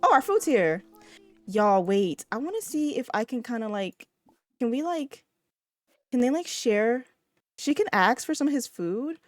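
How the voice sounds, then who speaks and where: A woman's voice: on the high side, very animated, a little slow, long pauses, dry recording, soft background music. A young woman giving casual gameplay commentary, chatty and laughing often as she talks to her viewers. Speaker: gaming video creator.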